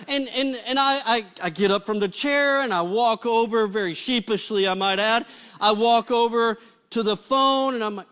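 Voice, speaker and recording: High-voiced pastor telling a comic story. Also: male voice, normal speed. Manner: animated, comic retelling with acted-out quotes. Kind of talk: storytelling sermon.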